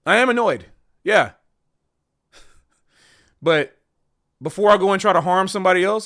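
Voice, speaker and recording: Man, high-pitched voice, earnest rambling livestream talk. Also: moderate pace, long pauses, sharp tone. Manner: earnest, rambling, repeats himself. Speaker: streamer and jazz educator. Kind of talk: casual livestream monologue.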